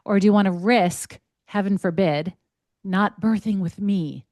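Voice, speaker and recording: A woman's voice: medium pitch, measured pace, a little mellow, no room sound. A woman hosting a podcast, commenting in an emphatic, incredulous way. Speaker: podcast host. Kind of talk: casual chat.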